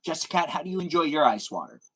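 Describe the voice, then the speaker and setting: A man's voice: fairly high pitch, big pitch swings, fast talker, fairly bright tone, slightly rough, poor audio. A young man hosting a casual livestream, rambling and joking as he quizzes his guests. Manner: rambling, jokey, asks guests questions. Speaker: livestream host.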